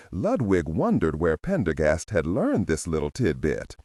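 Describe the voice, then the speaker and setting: A male audiobook narrator reading a thriller with a deep, husky voice. His pitch swings widely as he reads. The sound is dry and close, with no room around it. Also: huge pitch swings, measured pace, few pauses, a little mellow, no room sound. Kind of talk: scripted narration.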